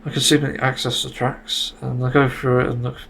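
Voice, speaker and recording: A man's voice: medium pitch, level tone, a little fast, gravelly, fairly bright tone, slight background noise. A man hosting a solo podcast, ranting in exasperation and swearing often. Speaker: podcast host.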